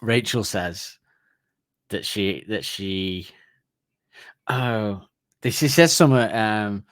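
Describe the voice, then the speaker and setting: A man's voice: lowish voice, takes it slowly, no room sound, clean studio sound. A man, co-hosting a podcast and retelling sitcom scenes in a rambling, laughing way. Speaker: podcast co-host. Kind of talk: casual chat.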